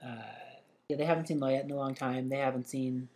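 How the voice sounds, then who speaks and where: A man's voice: mid-range voice, steady tone, fairly quick, a little mellow. A man co-hosting a casual podcast, talking in an easygoing, hesitant way with many ums. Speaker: podcast co-host and father. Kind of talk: casual chat.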